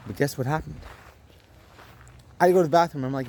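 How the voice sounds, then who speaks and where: A young man vlogging, telling a story with animated delivery and acting out his own lines. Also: fairly high pitch, fairly quick, a little hiss or hum. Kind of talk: storytelling vlog.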